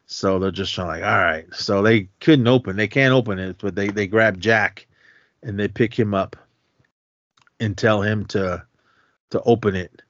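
A man's voice: lowish voice, measured pace, fairly bright tone, dry recording. A man co-hosting a podcast, casually retelling a film's plot in a rambling way with lots of fillers and self-corrections. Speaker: podcast co-host. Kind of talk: casual movie recap. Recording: dull, dry lo-fi podcast recording.

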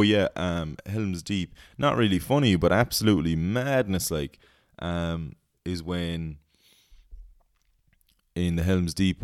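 Young man, casual podcast host, rambling, dry close sound, clear resonant tone. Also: sits low, darkish tone, dry recording. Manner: rambling, swears freely, laughs at own jokes. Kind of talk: casual chat.

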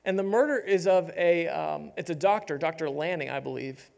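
A young man preaching a sermon, animated and humorous, acting out voices from the story. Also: on the high side, moderate pace, creaky. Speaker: pastor.

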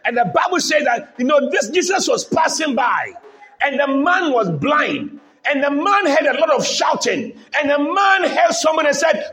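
A man's voice: very high-pitched, lively intonation, moderate pace. A man preaching a sermon to a church congregation, calling out for responses and repeating his lines. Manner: repetitive call-and-response exhortation. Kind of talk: shouted sermon. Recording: loud crowd and noise in a live church.

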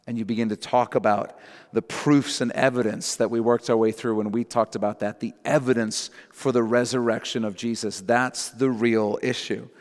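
Man, pastor, sermon, emphatic, repeats key phrases, mid pitch, long church reverb. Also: level tone, moderate pace. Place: church sanctuary. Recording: long reverb in a large hall.

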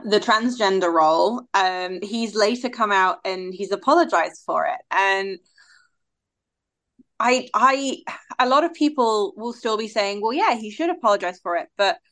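A woman's voice: medium pitch, animated, a little slow, fairly bright tone. A woman on a chat panel, thoughtful, with stumbling starts. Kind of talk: casual chat.

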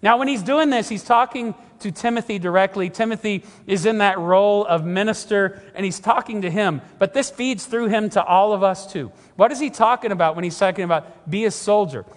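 A man's voice: high-pitched, brisk, hardly any pauses, big-room sound. A middle-aged man preaching a sermon, earnest and emphatic, often repeating his words. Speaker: pastor.

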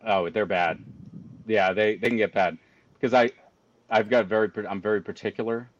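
A man telling a long story on a call in an animated, ranting way, jumping high when he quotes himself. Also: moderate pace, highs cut off.

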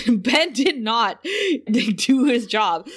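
A woman's voice: on the high side, sing-song, very slow, a bit bright, slightly rough. A woman co-hosting a casual podcast, walking through an episode scene by scene. She laughs easily and throws herself into quoting characters with exaggerated voices. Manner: laughing often, acting out lines in playful voices. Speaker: podcast co-host. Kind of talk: casual chat recapping a TV episode.

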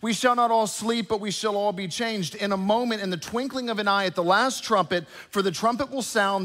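A fairly high-pitched man preaches in a big church hall, and his voice rings out with a long echo. He drifts from scripture into conversational asides and animated storytelling, checking in with the congregation as he goes. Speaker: pastor. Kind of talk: sermon.

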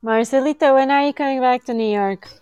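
A woman's voice: high-pitched, brisk, darkish tone, smooth, dry recording, lo-fi sound. Playful female co-host, dry close sound. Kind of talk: casual call-in chat.

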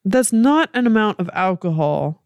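A man's voice: high-pitched, sing-song, moderate pace, gravelly, smooth, dry recording. A man co-hosting a podcast in casual chat, blunt and sarcastic, swearing freely. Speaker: podcast co-host.

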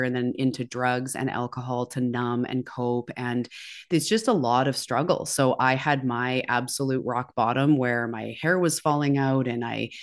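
A woman speaking as a podcast guest, candid and confessional as she tells her own story. She talks openly, throws in curse words without hesitation and keeps a loose, conversational flow. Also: very deep voice. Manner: frank, swears freely, confessional.

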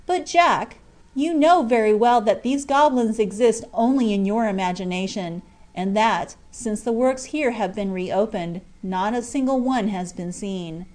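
A woman's voice: unhurried, darkish tone, lightly acted. A woman doing a grave, brooding young miner. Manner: low, firm, serious. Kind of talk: audiobook character voice.

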